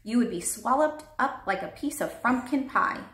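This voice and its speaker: A woman's voice: a little high, animated, moderate pace, a bit bright, pitched above the performer's own voice. A woman voicing a big, friendly male giant who bumbles through made-up words with a folksy lilt, read aloud in a roomy space. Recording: roomy echo.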